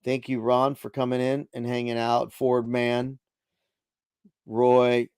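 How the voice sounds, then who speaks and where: A man's voice: medium pitch, completely flat delivery, slow, darkish tone, clear, resonant tone, no room sound, studio quality. A middle-aged man hosting a casual late-night livestream, reading viewer chat aloud into a desk microphone in a chatty, laid-back way. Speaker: livestream host.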